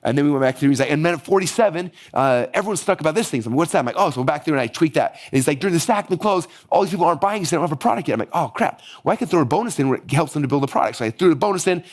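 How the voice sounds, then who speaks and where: A man in his forties, teaching marketing through a fast, animated story and acting out the dialogue with a raised voice. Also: a little high. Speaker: business coach teaching marketing. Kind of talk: energetic teaching monologue with storytelling.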